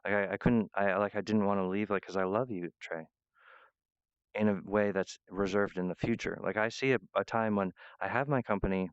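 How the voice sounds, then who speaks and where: Rambling, apologetic man, low and smooth. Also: steady tone, a little fast, dry recording, lo-fi sound. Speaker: self-styled wizard pitching himself. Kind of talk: rambling monologue to viewers.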